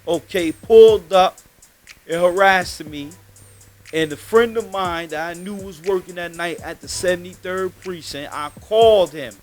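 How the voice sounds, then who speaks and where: Ny guy on a podcast spinning a street story, slangy and emphatic, kinda high voice, soft music behind. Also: unhurried. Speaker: podcast host.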